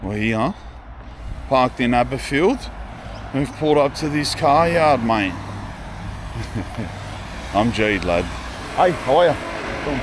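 A man's voice: mid-range voice, animated, slow, long pauses, background noise. A young man, chatting casually and slangily as a vlogger at an outdoor car yard, thinking aloud as he goes. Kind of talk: casual vlog chat.

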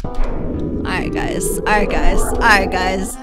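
A young woman commentating on her own gameplay, excitable and talking back to the characters on screen, sometimes bursting into shouts. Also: medium pitch, slow. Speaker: gaming YouTuber. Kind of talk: let's-play commentary. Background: game music.

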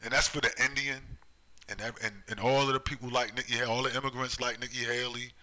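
Man, heated sermon, rhetorical questions, sharp bright voice. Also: mid-range voice, little pitch movement, fast, rough recording. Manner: heated, repetitive, rhetorical "right?" tags. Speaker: online preacher. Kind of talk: street-style scripture commentary.

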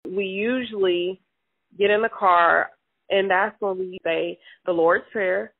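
A woman's voice: medium pitch, fairly even intonation, slow, creaky, breathy edge, no room sound. A woman being interviewed about family routines, heard over a tinny, phone-like line with a dry sound. She talks loosely and chattily, with plenty of "you know" and restarts. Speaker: interviewed mother. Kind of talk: casual chat.

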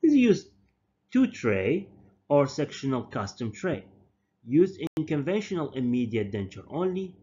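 Arabic-speaking guy lecturing dentistry students, slow and deliberate, fixes his own words, dull muffled audio. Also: mid-range voice, sing-song, warm tone. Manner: slow, deliberate, repeats and corrects terms. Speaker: dental professor. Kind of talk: university lecture.

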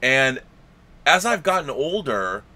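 A man with a bright, sharp voice that swoops up and down as he jokes about a classic film. He keeps the chat light and chimes in with quick quips. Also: mid-range voice, sing-song. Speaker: podcast host.

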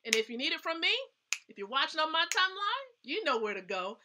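A woman's voice: high-pitched, very animated, fast talker, background noise. A woman hosting a casual live stream, giving chatty, emphatic tips and often checking in with her viewers. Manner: chatty, emphatic, asks the audience questions. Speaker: host.

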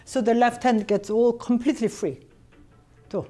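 A woman teaching a cello master class, coaching a student directly in halting phrasing and singing passages on syllables to show them. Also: fairly high pitch, steady tone, loud music behind the voice. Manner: sings phrases on syllables to demonstrate.

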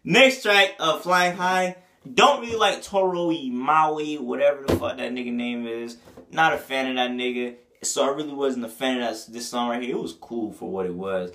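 A man's voice: mid-range voice, normal speed, pushed and bright, a little hiss or hum. A man giving a casual, profane album review, full of slang and breaking into bits of the lyrics. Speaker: music reviewer.

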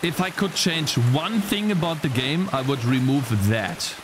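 A man streams a video game, speaking at medium pitch and a little slowly as he chats to his viewers in casual commentary. Easily frustrated, he swears freely, and the noisy background includes game music.

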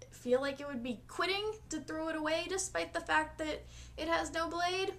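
A young woman vlogging from her bedroom, with deadpan, self-mocking asides. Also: a little high, a little hiss or hum. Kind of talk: comedic solo vlog.

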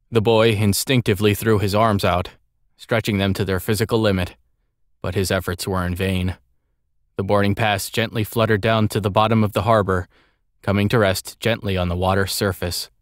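A man reading a story aloud as an audiobook narrator, in a measured, expressive way. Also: on the low side, no echo, studio quality. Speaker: audiobook reader.

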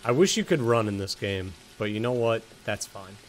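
A man's voice: on the low side, expressive, normal speed, a little hiss or hum. A young man commentating on a video game, joking, swearing and talking to the characters on screen. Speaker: gaming streamer.

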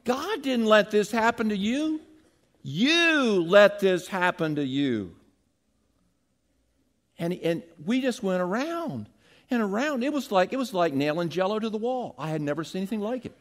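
A man preaching a sermon as pastor, animated, acting out quoted lines and leading the congregation in call-and-repeat. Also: a little slow. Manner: animated, acts out quotes with big pitch jumps, has congregation repeat lines.

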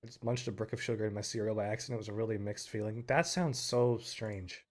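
A young man giving live commentary on a game, excitable, breaking into loud yells and laughter. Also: fairly low pitch, fast. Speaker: game streamer.

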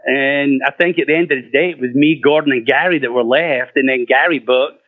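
Brisk and medium-pitched, a middle-aged rock singer shares stories in easygoing talk, cursing, laughing, and acting out quoted voices. The recording is muffled and lo-fi, dry with no room sound.

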